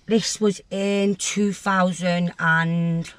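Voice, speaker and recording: A woman's voice: fairly low pitch, level tone, very slow, a bit bright, clean tone. Blunt woman telling her story. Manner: blunt, vivid storytelling that acts out voices, with swearing. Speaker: guest. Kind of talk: candid storytelling interview.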